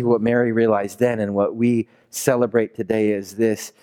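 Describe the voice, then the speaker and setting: This man's voice is fairly low and a little mellow. He's preaching as a pastor, telling the sermon like a casual story and voicing different characters along the way.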